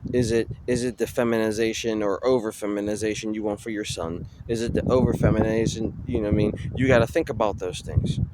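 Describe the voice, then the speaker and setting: A man's voice: on the low side, steady tone, fast, hardly any pauses, heavy background noise. A man delivering an impassioned street rant in a preachy way, firing off one rhetorical question after another. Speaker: vlogger.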